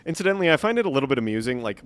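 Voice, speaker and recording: A man's voice: mid-range voice, big pitch swings, racing, clear, resonant tone. A man streaming live gameplay, chatting and muttering to himself with frequent swearing.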